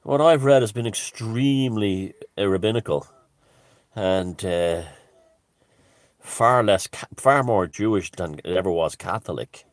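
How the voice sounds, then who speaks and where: An Irish man talking in a rambling, digressive casual monologue, halting with frequent restarts and asides. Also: lowish voice, dry recording. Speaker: vlogger.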